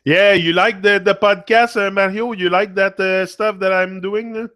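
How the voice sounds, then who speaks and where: A man's voice: sits high, steady tone, moderate pace, sharp tone, clean tone, no room sound. A young man with a Quebec French accent hosting a casual live chat with viewers, switching between French and English with many fillers. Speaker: livestream host.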